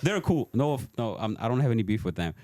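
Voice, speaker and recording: A man from Pakistan, a podcast guest, ranting in animated casual chat with swearing and laughs. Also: medium pitch, fast, dry recording, studio quality. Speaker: podcast guest, host's uncle.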